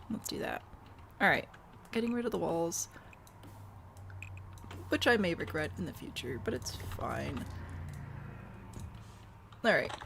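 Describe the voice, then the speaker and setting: A woman's voice: lowish voice, gravelly, fairly bright tone, a little hiss or hum. A woman streamer chatting casually while she builds in a game, wry and self-deprecating, answering chat and hiccuping now and then. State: has the hiccups.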